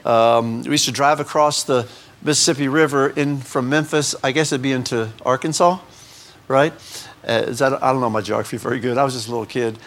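A man's voice: mid-range voice, fairly even intonation, brisk, fairly bright tone. A man preaching a sermon in a folksy, conversational way, reading scripture with rising emphasis. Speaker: pastor.

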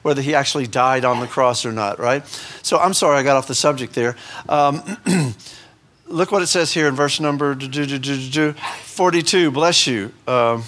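A man preaching in a relaxed, folksy manner. He reads scripture with rising emphasis, and his voice sits a touch higher than most men's. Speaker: pastor. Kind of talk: sermon.

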